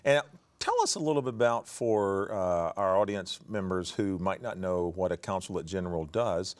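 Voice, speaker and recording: A man's voice: low voice, moderate pace, clean tone. A man from Louisiana hosting a local TV interview show in a friendly, folksy manner. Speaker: host.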